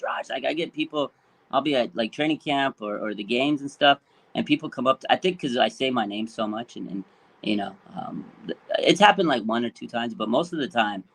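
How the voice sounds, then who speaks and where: A man's voice: mid-range voice, a bit bright, rough recording. Chatty man co-hosting sports talk. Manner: chatty, laughs easily, tells fan stories. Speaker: co-host.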